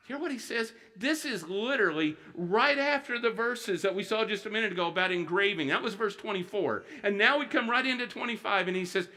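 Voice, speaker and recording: Bright-voiced earnest man preaching a sermon. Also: high-pitched, lively intonation. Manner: earnest, questions the congregation and quotes scripture with slow emphasis. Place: church sanctuary.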